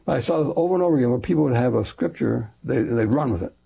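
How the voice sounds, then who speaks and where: A man's voice: mid-range voice, rapid-fire, vocal fry, slightly rough. An older man, a retired pastor, telling his story in an interview, rambling and correcting himself and acting out the voices of people he quotes. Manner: animated, acts out quoted voices.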